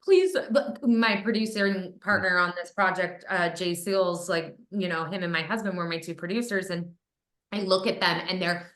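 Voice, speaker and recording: Animated woman in a roomy echo. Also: on the low side, moderate pace. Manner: animated storyteller, acts out quotes, laughs often. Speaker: film director and actor, interview guest. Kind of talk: casual interview chat.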